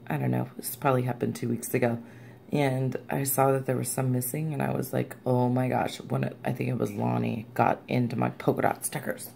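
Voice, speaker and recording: A low-pitched woman with a gravelly edge to her voice, chatting through a casual unboxing vlog. She gushes and chats warmly at the camera while sounding tired, with a faint hiss behind her. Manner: gushing and chatty, squeals and laughs often. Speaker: crafting vlogger.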